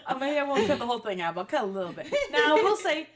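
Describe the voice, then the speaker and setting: A woman's voice: high voice, animated, rapid-fire, background noise. A woman co-hosting a podcast, talking in an emphatic, jokey way in casual chat. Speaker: podcast co-host.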